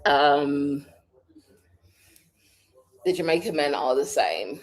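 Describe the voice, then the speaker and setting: Her voice sits low, animated but slow, as this British vlogger from the UK answers questions coming in from her live chat. It's a casual exchange full of laughter as she thinks things through out loud.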